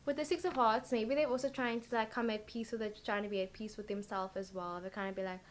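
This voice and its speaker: A woman's voice: medium pitch, steady tone, fast talker, slight background noise. Chatty woman giving a tarot reading. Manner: rambling, filler-heavy, thinking aloud. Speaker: tarot card reader. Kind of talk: casual tarot reading vlog.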